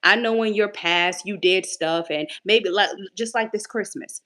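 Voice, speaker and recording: A young woman coach giving a casual inspirational faith talk in a lively, conversational, preachy way. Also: medium pitch, measured pace.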